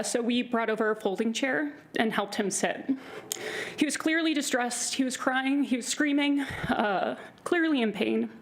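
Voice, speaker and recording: Woman, public commenter, nervous and earnest, voice a bit high. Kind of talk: public comment at a board meeting.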